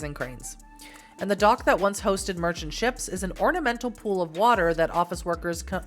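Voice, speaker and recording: A woman reading an interactive text game aloud in an expressive way, breaking off for casual, laughing asides. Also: on the low side. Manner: expressive reading, laughs at her own slips.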